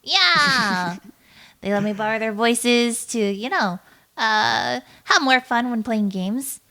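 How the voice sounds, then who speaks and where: A woman's voice: a little high, expressive, slow, bright, forceful tone. A woman guest, a VTuber, chatting playfully in an interview and laughing often. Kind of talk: casual interview chat.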